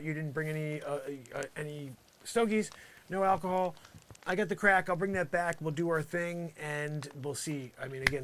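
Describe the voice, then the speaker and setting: Man, comic monologue, rambling, sarcastic, fairly high-pitched, faint hiss behind. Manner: rambling, sarcastic, swings between loud outbursts and muttering. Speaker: comedian.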